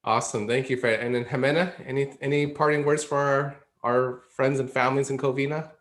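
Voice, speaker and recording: A man's voice: medium pitch, fairly even intonation, brisk, a bit bright. A man hosting a livestream panel, upbeat and a little jokey, passing the word to each guest. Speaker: host.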